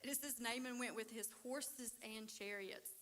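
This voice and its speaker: A woman giving a conversational sermon at a church recovery ministry, telling Bible stories with animated, acted-out dialogue. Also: fairly high pitch, moderate pace, a little hiss or hum. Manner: animated storytelling, acts out biblical characters.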